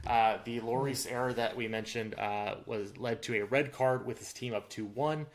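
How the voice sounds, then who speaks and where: A man in a casual sports podcast chat, his voice sitting at an ordinary middle pitch. He talks through results with frequent fillers and restarts, stopping and starting his sentences. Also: steady tone, moderate pace. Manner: filler-heavy, restarts often. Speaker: podcast co-host.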